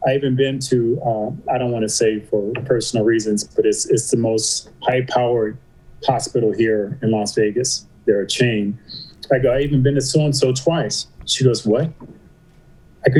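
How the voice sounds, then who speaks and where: A man's voice: medium pitch, normal speed, low-quality recording. A middle-aged man, a podcast guest, telling a story in a casual interview, acting out the dialogue with lots of "you know" and "I go". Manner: animated storyteller, acts out quoted dialogue, says "you know" and "I go" often.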